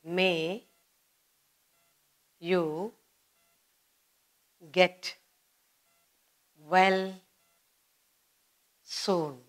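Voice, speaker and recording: A woman's voice: lowish voice, fairly even intonation, very slow, pauses often. A woman teaching a grammar lesson to children, speaking patiently and repeating each example sentence.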